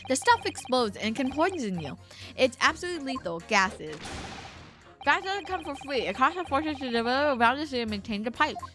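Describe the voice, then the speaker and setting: A woman's voice: high-pitched, big pitch swings, fairly quick, sharp tone, exaggerated voice. A woman reading the lines of a blunt, self-assured male juror from a courtroom game, in a matter-of-fact way, with game music behind. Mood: smug.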